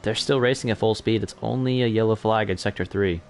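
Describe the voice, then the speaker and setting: A man's voice: lowish voice, a little fast, darkish tone, a little hiss or hum. A young man commentating an online racing league in a chatty, self-correcting way that picks up during on-track battles. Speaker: race commentator.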